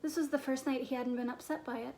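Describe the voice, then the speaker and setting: A woman narrates a children's fantasy novel in a clear, steady storytelling voice. Her pitch sits high, with a faint hiss in the background. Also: fast. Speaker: audiobook narrator.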